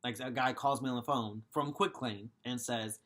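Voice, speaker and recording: A man's voice: mid-range voice, fairly even intonation, moderate pace, fairly bright tone. A young man in his twenties telling a story casually, swearing and exasperated. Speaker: vlogger.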